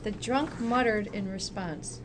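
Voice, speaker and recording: A woman reading a joke aloud in a slow, deliberate way. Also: medium pitch, a little hiss or hum. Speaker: joke reader.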